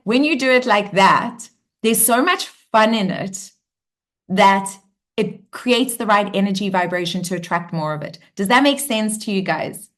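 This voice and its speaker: A woman hosting a live online coaching session in an upbeat, bubbly way, acting out cheerful affirmations as she talks. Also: mid-range voice. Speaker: workshop host.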